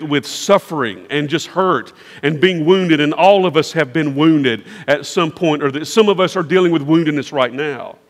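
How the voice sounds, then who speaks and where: A man's voice: on the high side, fairly bright tone. A man preaching a sermon as pastor, with an emphatic, repetitive preaching cadence. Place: large church sanctuary. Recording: long church reverb.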